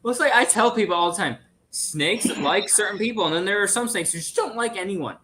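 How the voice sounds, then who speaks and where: A man's voice: high-pitched, animated, brisk, sharp tone. A man talking as a podcast guest in casual chat, easygoing and joking. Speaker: podcast guest, snake keeper. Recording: noisy line with clear hiss.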